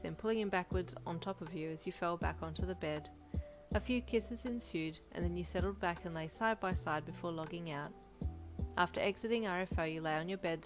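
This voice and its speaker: A woman reads a fan fiction story aloud in an even storytelling manner. Her voice is on the low side for a woman. Faint instrumental music plays under her narration.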